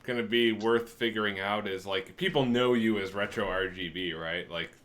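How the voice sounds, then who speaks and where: A man's voice: on the low side, normal speed, a bit bright, slight background noise. A man co-hosting a podcast in casual chat, hedging with lots of likes. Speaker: podcast co-host.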